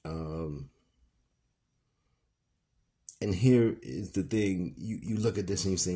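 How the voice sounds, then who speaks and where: A man reading a novel aloud and adding his own commentary, with fillers, pauses and self-corrections. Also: low voice, very animated, mellow. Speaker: podcast reader and commentator.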